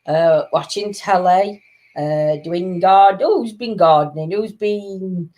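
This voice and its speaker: A woman's voice: fairly low pitch, slow pace, warm tone. A woman chatting casually on a live stream, reading out viewer comments. She laughs often and drops her articles. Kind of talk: casual chat.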